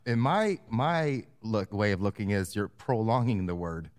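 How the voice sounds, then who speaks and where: A man co-hosting a casual chat, opinionated and quick to laugh. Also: on the low side, animated.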